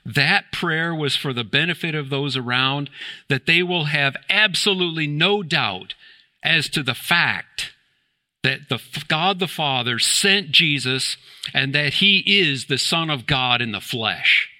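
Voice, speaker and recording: A man's voice: a little high, animated, unhurried, bright, forceful tone. A man preaching a sermon in church, emphatic and fond of rhetorical questions, building to exclamations. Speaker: pastor.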